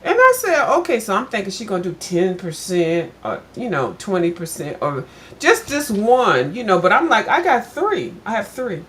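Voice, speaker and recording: A woman's voice: medium pitch, normal speed. An older woman, chatting casually to her viewers and telling a story with lots of asides. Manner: chatty, addresses viewers as "girl", animated when retelling. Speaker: vlogger.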